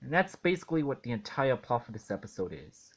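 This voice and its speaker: A man reviewing a cartoon episode in an indignant rant, halting and restarting as he talks. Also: mid-range voice, very animated, slightly rough. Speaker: video reviewer.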